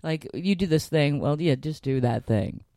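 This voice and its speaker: A man's voice: fairly high pitch, animated, moderate pace, dark tone, dry recording, studio quality. A male comedian hosting a casual chat, talking animatedly with many stammering restarts and bursting into playful voices. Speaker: podcast host and comedian.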